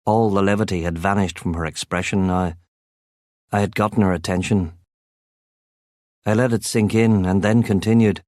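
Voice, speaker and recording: Man reading an audiobook, low voice, dry close mic, slow and serious. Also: fairly even intonation, a little mellow, no echo. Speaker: audiobook narrator. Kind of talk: scripted audiobook narration.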